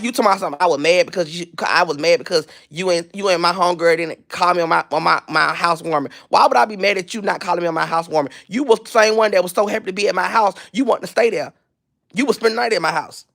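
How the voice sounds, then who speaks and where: This man hosts a gossip channel, and his voice sits high with vocal fry and a slightly bright edge. His ranting commentary is blunt, profane and mocking, looping back on its own phrases as he repeats and restarts them while hunting for a video.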